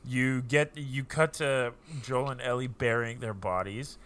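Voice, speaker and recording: Male podcast co-host, mid pitch, bright and forceful tone, chatty retelling that circles back on itself. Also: steady tone, a little slow. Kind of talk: casual chat.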